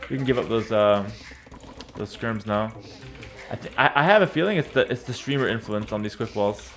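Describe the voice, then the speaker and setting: A man talking through his own strategy match in a laid-back, chatty way, at a mid pitch for a male voice. He trips over his words, repeats phrases and slurs a little, yet stays confident and easygoing. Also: lively intonation, normal speed. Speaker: streamer playing a strategy game. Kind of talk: casual live gameplay commentary.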